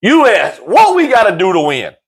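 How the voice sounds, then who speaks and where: Animated high-voiced sports talk man. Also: normal speed, creaky. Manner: animated, jokey, repeats himself, voice jumps up high when excited.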